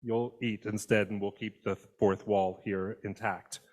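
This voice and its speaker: A man preaching a sermon in a conversational, expressive way, voicing quoted lines as he goes. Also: fairly low pitch, unhurried. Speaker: pastor. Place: church sanctuary. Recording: long church reverb.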